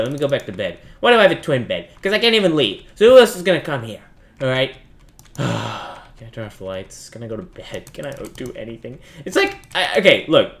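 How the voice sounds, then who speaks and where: A young man talks his way through a game in a bright, forceful voice that swings widely in pitch. He jokes at his own expense, mutters low to himself, then breaks into yelling whenever something startles him. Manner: jokey, self-mocking, bursts into yelling when startled. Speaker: gaming youtuber. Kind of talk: let's play commentary.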